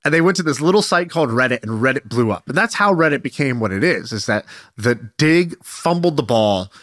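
A man in his thirties, co-hosting a podcast, telling a story in an energetic, animated way. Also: medium pitch, brisk, no echo, clean studio sound. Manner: energetic, animated retelling with quoted voices. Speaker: podcast co-host. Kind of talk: casual storytelling chat.

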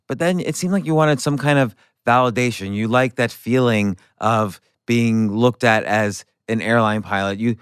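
A man's voice: mid-range voice, normal speed, few pauses, clean tone, dry recording, studio quality. A man hosting an interview, asking curious questions and searching for words as he goes. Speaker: interviewer, host.

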